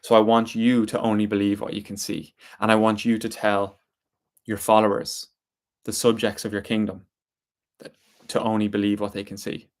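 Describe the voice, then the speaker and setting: A man's voice: lowish voice, monotone, normal speed, close to an everyday voice. A man voicing a clever male druid adviser to a king in a told story, earnest and stammering with restarts. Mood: proud.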